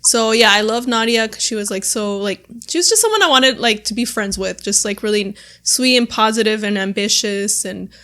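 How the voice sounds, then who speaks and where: A woman's voice: medium pitch, normal speed, hardly any pauses, pushed and bright. A young woman hosting a podcast, chatting casually, full of "like" and laughs. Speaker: podcast host. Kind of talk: casual chat.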